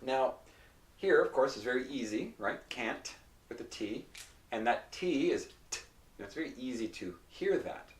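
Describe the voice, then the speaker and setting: A man's voice: mid-range voice, animated, moderate pace. A man teaching English pronunciation in a patient, explanatory way, often checking in with "okay?" and repeating example words. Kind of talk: slow, explanatory whiteboard lesson. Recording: roomy echo, slightly distant mic.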